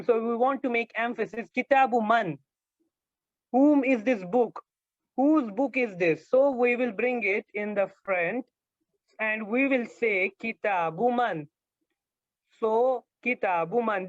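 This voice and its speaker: A male grammar teacher giving an online lecture, explaining slowly and repeating his points with many hesitations. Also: high-pitched, dry recording. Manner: slow, repetitive explaining with frequent hesitations. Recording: dull lo-fi dry sound.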